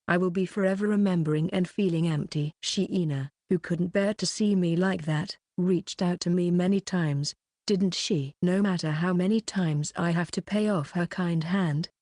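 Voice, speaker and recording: A woman narrates a light novel audiobook in a steady, even reading voice. Her pitch sits a little low for a woman. The recording is dry and close, with no room around it. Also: no echo.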